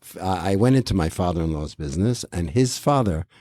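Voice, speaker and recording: A man in his seventies from the United States, a guest telling stories in a measured, reflective way with dry humor. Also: low-pitched, animated, mellow, no echo. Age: 70s. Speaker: guest, diamond company head. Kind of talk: casual interview talk.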